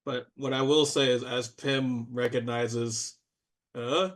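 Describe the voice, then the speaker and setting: A man runs a tabletop game in a loose, chatty voice of ordinary pitch. He rambles through descriptions with plenty of fillers and bursts into playful cheers. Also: flat delivery, slow pace. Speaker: game master.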